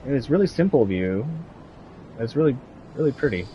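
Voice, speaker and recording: A man's voice: mid-range voice, very animated, normal speed, warm tone, dull audio, a little hiss or hum. A young man streaming a video game, chatting casually with his viewers and cheering on his in-game companion. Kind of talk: casual gameplay commentary.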